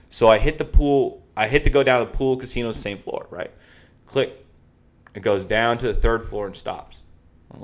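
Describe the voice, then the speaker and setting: A young man telling a story in a casual chat, swearing freely and acting out his panic with loud shouts. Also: medium pitch. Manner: profane, animated storyteller with shouted reenactments.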